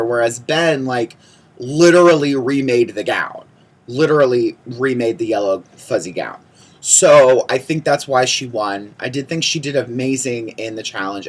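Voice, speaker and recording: A man's voice: mid-range voice, fairly bright tone. A young man talking casually to camera as a vlogger, chatty and opinionated, with lots of "like" and "um". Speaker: vlogger reviewing a TV show.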